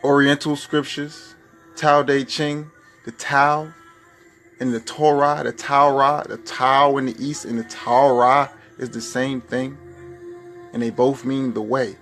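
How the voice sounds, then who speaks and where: Male preacher, fervent rhetorical sermon, mid-pitched voice, faint music bed. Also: flat delivery, slow, a bit bright. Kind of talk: spoken-word sermon over music.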